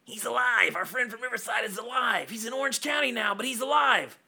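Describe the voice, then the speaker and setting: An earnest young male hero with a raised, urgent voice, as a podcast host puts him on. He speaks quickly and with a bright edge. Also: very high-pitched, expressive, gravelly, slightly rough, pitched above the performer's own voice, heavily acted.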